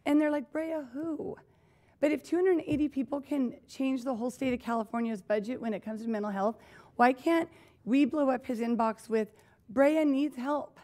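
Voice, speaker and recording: A woman speaks at a school board meeting with a slightly high voice. She sounds earnest and emotional, fighting back tears as she urges the audience to act together. Her tone carries anger and hope. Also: fairly quick, dark tone.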